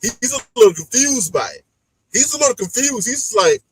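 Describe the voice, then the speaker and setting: A man hosting a casual reality-show recap chat, animated and acting out the people he talks about. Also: very high voice, a little fast, breathy edge, no room sound, poor audio. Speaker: podcast host.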